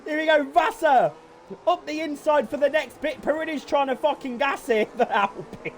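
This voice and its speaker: A man giving excitable, swear-filled live commentary on a sim race, often laughing in disbelief. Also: very high voice, normal speed, a little hiss or hum.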